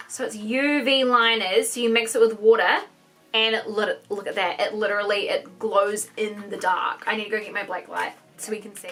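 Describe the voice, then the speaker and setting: A young woman gushing and gasping her way through an excited makeup unboxing vlog. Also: medium pitch, normal speed, faint music behind. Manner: gushing, gasping, exclaims constantly. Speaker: beauty vlogger.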